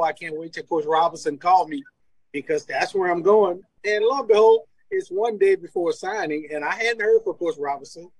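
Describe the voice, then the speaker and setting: A former college football player from Louisiana, speaking in a high voice, tells casual stories as an interview guest. He's animated, laughs often, and acts out what people said; the recording is rough with no echo.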